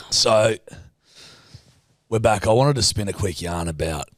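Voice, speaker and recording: A man's voice: on the low side, takes it slowly, no echo, studio quality. A man co-hosting a podcast, telling stories in casual banter, swearing and joking a lot. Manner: swearing, jokey, lively storyteller. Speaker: podcast co-host.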